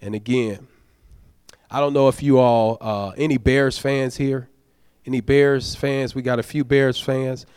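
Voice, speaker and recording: A man's voice: medium pitch, steady tone, measured pace, darkish tone, clean tone, dry recording, clean studio sound. A man, a deacon, preaching a sermon, urging the congregation in a conversational, folksy way and prodding them for amens. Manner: exhorting, prods the congregation for amens.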